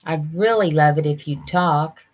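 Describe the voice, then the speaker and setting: An older woman, chatting casually on a live stream, rambling and halting with lots of fillers. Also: low voice. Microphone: computer camera mic.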